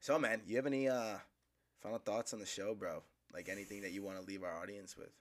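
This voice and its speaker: A fairly low-pitched man co-hosting a podcast. He talks in a loose, laid-back way, swearing often in casual chat. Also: steady tone, quick pace. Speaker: podcast co-host.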